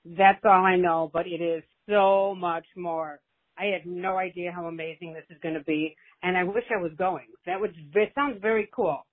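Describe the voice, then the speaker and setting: A woman leaving a long, affectionate, rambling voicemail for the host. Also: fairly low pitch. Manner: gushing and rambling, motherly. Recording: tinny phone voicemail.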